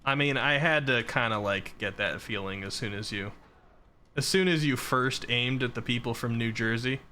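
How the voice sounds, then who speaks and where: Man from the Boston area, casual streamer, bright clear tone, faint hum underneath. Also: medium pitch, moderate pace. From Boston area, Massachusetts. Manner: relaxed, chatty, reads out chat messages. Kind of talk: casual chat while playing a game.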